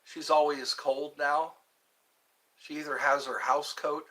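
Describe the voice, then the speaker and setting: A man's voice: on the high side, level tone, slow, pushed and bright. A man hosting a livestream from his home, chatting casually and answering viewers' questions in a rambling way. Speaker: livestream host. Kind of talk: casual chat reading viewer comments.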